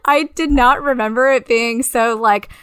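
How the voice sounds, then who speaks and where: A woman's voice: fairly high pitch, fairly even intonation, moderate pace, a bit bright, smooth, no room sound, studio quality. A woman co-hosting a podcast, chatting casually and animatedly, swearing and laughing often. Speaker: podcast co-host. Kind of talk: casual chat.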